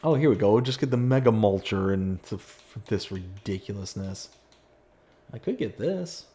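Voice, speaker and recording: A man's voice: mid-range voice, expressive, a little fast, mellow. A man live-streaming a farming game, chatting casually, reading viewer comments aloud and mocking himself in sudden outbursts of frustration. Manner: exclaims in sudden bursts of frustration. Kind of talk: live-stream gameplay chat.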